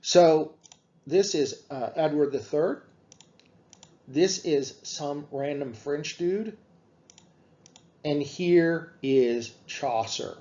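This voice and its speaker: A man giving a classroom lecture on literature, explaining slowly with frequent fillers. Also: a little high, dark tone, lo-fi sound.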